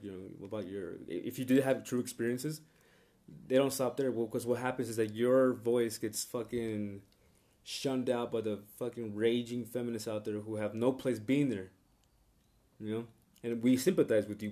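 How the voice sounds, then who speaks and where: Man ranting to camera, dark voice, swears constantly, circles back on himself. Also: medium pitch, fairly even intonation, fairly quick. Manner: combative, profane, repetitive; rambling with many restarts and fillers.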